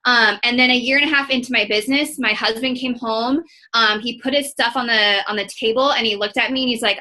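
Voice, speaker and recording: A woman's voice: on the high side, a little fast, bright, forceful tone. A young woman from Iowa, a fitness coach, talking on a team call in a chatty, candid, motivational way with many fillers. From Iowa, United States.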